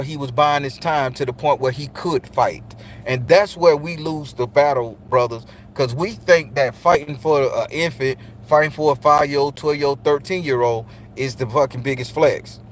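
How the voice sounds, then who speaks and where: With a slightly high voice, a middle-aged channel host preaches to the men listening, bluntly and profanely, in a casual spoken monologue delivered directly to them. A little hiss or hum sits in the background.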